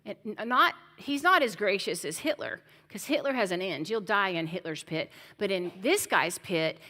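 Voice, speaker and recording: A woman's voice: medium pitch, animated, normal speed, sharp tone. A middle-aged woman preacher giving a sermon, emphatic and conversational, speaking straight to her congregation.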